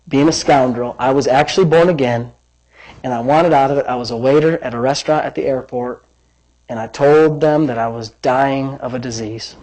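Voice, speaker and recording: A man preaching a sermon as pastor, reading scripture with lively emphasis and wandering into personal asides. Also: a little high, low-quality recording. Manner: animated, dramatic scripture reading with rising emphasis; rambling asides and self-corrections.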